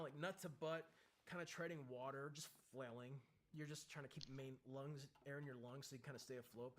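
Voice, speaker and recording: A man, a military veteran, telling a candid story with intense, profane emphasis and acting out shouted lines as he goes. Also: mid-range voice. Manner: acts out shouted quotes in the story.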